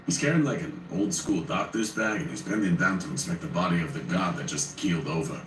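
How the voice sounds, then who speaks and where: A man's voice: sits low, a little fast, music in the background. A man narrating a first-person horror story in a wry, conversational way. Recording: roomy, distant, faint noise.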